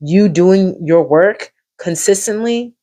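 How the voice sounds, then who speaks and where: A woman hosting a live coaching stream, encouraging and repetitive, reacting warmly to viewers in the chat. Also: mid-range voice, slow. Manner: encouraging, repeats phrases, lively reactions to viewers.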